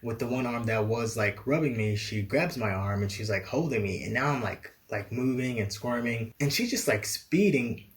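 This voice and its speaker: A young man telling a travel story in an animated storytime style, laughing now and then and acting out the dialogue. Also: medium pitch, normal speed, few pauses. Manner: animated, laughs often, acts out quoted dialogue. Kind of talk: storytime vlog.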